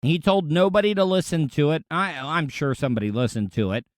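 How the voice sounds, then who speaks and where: A man talks through a casual monologue in a smooth, clean voice that sits a bit high. The sound is close and dry, and he speaks bluntly and candidly. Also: fairly quick, no room sound. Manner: blunt, profane, candid storytelling. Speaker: podcast host.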